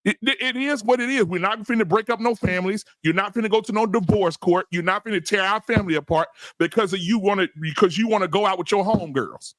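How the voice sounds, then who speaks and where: A man's voice: high-pitched, fast talker, few pauses, fairly bright tone, dry recording. A man hosting a podcast, talking in a preachy, profane and emphatic way in heated panel talk. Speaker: podcast host. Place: live-stream podcast studio.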